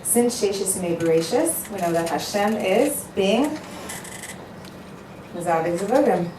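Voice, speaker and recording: A woman's voice: medium pitch, animated, a little slow, noisy background. Woman, matchmaker at a podium, earnest storytelling, heard from a distance, roomy echo. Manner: emphatic, storytelling, repeats for effect. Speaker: matchmaker giving a speech. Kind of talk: earnest speech to an audience. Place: event hall with a live audience. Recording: echoey hall, voice picked up from a distance.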